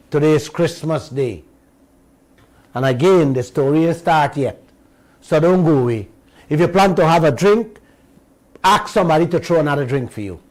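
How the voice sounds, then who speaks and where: A man with a Guyanese accent hosting a radio show, delivering a slow, emphatic political commentary and speaking straight to his listeners. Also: on the high side, darkish tone, poor audio.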